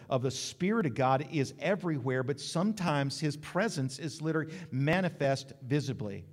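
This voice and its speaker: A man preaching a sermon in a church, joking and acting out voices in quotes. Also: a little high. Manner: lively, joking preacher who acts out quotes. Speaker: pastor. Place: church sanctuary. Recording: long hall reverb.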